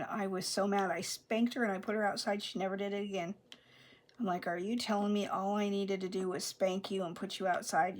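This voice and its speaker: A middle-aged woman, chatting casually while she crafts. She rambles with many restarts and drops into soft whispered asides. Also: medium pitch. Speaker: crafting vlogger.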